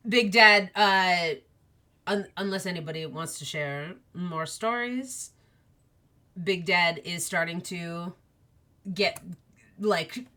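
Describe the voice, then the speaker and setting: A woman's voice: on the low side, slow pace, long pauses, bright, forceful tone. A woman game master narrating a tabletop game in a bubbly, hesitant way. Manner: bubbly, hesitant with many fillers.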